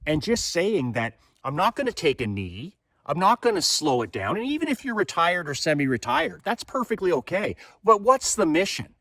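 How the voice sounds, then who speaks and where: A man's voice: sits high, sing-song, normal speed, hardly any pauses, a bit bright, no echo, studio quality. A man in his fifties giving a fervent motivational monologue, firing rhetorical questions and repeating his points. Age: 50s. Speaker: motivational speaker.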